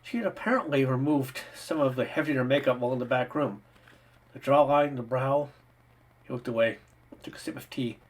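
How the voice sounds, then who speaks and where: A man narrating an audiobook with a steady, even storytelling delivery. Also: medium pitch, normal speed, poor audio. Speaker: audiobook reader.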